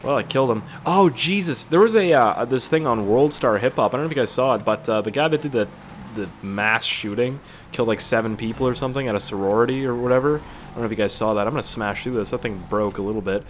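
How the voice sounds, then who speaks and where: A man's voice: medium pitch, fast, a little hiss or hum. A young man chatting casually while playing a game, rambling and profane, jumping between stories and the action. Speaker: gaming YouTuber. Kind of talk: casual gameplay commentary.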